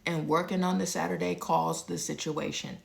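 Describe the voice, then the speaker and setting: A woman in her thirties tells her own story in a loose, candid way, often speaking to her viewers directly. Her voice sits a little low and has a thick gravelly fry all through it. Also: level tone, normal speed. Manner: candid, talks straight to viewers.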